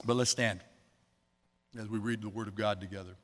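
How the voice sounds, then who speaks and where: A man's voice: fairly low pitch, fairly even intonation, brisk, a bit bright. A man preaching a sermon as pastor, in a conversational, chatty manner with asides to the congregation. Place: church sanctuary. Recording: long hall reverb.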